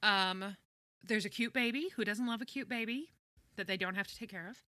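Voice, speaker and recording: Bright-voiced woman host, dry sound. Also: mid-range voice, brisk, dry recording. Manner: leads the talk, relaxed and chatty. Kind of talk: casual podcast chat.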